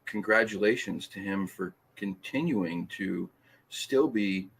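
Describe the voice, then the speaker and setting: A man's voice: sits low, slow pace, creaky, fairly bright tone, husky. A man hosting a casual live stream, reading comments aloud, teasing and laughing often with stumbling restarts. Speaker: podcast host reading live chat.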